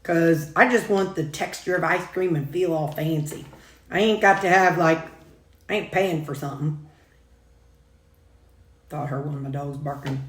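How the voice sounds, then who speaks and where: A woman's voice: deep voice, moderate pace, long pauses. Folksy woman in an echoey room. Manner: folksy, rambling, chuckles often. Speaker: food and weight-loss vlogger. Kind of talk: casual chatty talk while eating.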